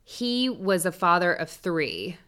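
A woman's voice: fairly low pitch, big pitch swings, slow, fairly bright tone. A woman co-hosting a podcast, recounting a true-crime case in casual chat, swearing freely and adding jokey asides. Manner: chatty, swearing, storytelling with asides. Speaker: podcast co-host.

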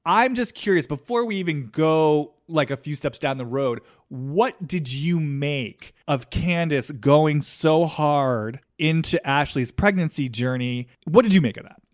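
A man's voice: fairly high pitch, animated, unhurried, hardly any pauses, no echo, studio quality. A man hosting a casual podcast conversation, asking probing, reflective questions. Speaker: podcast host.

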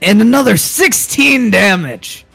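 A man narrating a tabletop game as game master, unhurried and hesitant with fillers. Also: high-pitched, expressive, vocal fry, fairly bright tone, husky, no echo, faint music behind.

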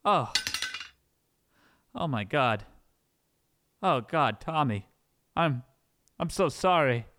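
Brief: man as a hammy fencer father, bright and sing-song, melodramatic. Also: a little high, animated, drawn-out words, pauses often, exaggerated voice. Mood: tearful. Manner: melodramatic, swings from stern to sobbing. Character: doting overdramatic fencer father, middle-aged. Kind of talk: comedy sketch acting.

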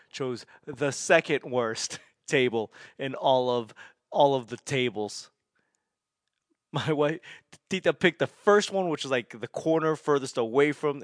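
A man's voice: mid-range voice, no echo. Man, casual storyteller: rambling, laughing and profane, with a mid-range voice and a dry, close sound. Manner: rambling, laughing, with frequent swearing and restarts.

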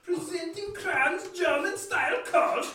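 A woman's voice: very high-pitched, slow, over loud music. A woman reading a beer label aloud, laughing along. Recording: very echoey, distant from the mic.

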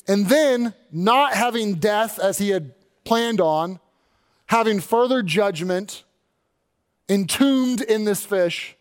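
A man with a fairly high speaking voice delivers a sermon as the church's pastor. He preaches with energy and briefly slips into the voices of the people he quotes.

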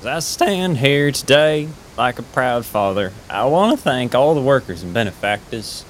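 A man's voice: mid-range voice, big pitch swings, moderate pace, slight background noise, pitched above the performer's own voice, natural voice. A man voicing a pompous male mayor giving a speech, speaking in a half-formed put-on accent. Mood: grandiose.

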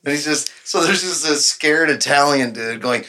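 His voice sits fairly high, bright and forceful, at a normal speed as he tells a rambling bar story on a podcast. The guest acts out what others said and laughs often in this casual storytelling.

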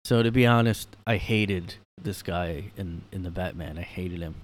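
A man with a fairly low voice hosts a solo podcast from his room. He rambles in a casual, sarcastic way, piling on fillers and the occasional swear. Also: moderate pace, few pauses. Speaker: podcast host.

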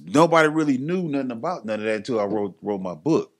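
A middle-aged man telling his story casually as a podcast guest, acting out other people's lines in a raised voice. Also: quick pace. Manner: animated, acts out others' lines in a higher voice.

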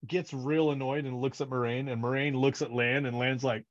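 A man's voice: medium pitch, fairly even intonation, moderate pace, muffled recording. A man co-hosting a podcast, chatting casually about a book series and acting out characters' lines in funny voices. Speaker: podcast co-host.

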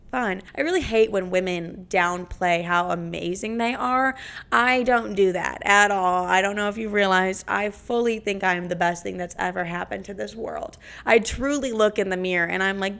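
Young woman podcaster, brash and foul-mouthed, fry-heavy voice at a middle pitch. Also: normal speed, a bit bright. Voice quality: creaky. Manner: brash, profane, dramatic. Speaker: podcast host. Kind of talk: casual podcast monologue.

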